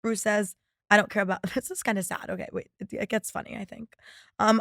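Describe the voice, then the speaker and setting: A woman's voice: medium pitch, flat delivery, a little fast, creaky, fairly bright tone, no echo, clean studio sound. A young woman in her twenties hosting a casual solo podcast, chatting and swearing freely as she reads out listener stories. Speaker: podcast host.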